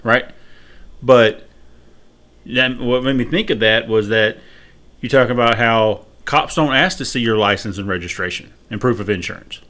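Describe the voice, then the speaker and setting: A man's voice: mid-range voice, moderate pace, a bit bright. Profane storytelling man, casual podcast talk. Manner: profane, storytelling, laughs while retelling. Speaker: podcast co-host. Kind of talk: casual chat.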